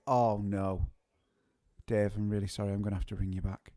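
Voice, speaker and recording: Here a live music show co-host tells a meandering story with plenty of laughter, doubling back on words as he starts over. His fairly low voice is warm and level, and his pace is fairly quick.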